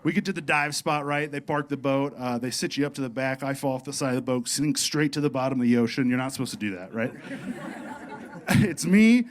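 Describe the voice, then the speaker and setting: A male stand-up comedian telling a story on a club stage with energetic, profane, animated delivery. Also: medium pitch, fast talker. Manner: energetic, swearing, animated delivery with acted-out quotes.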